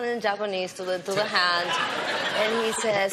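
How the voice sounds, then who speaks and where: A woman's voice: medium pitch, normal speed, noisy background. A woman with a Mexican accent, chatting as a talk-show guest and telling stories with lots of laughter. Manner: laughing, animated storytelling. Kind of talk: casual talk-show chat. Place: TV studio.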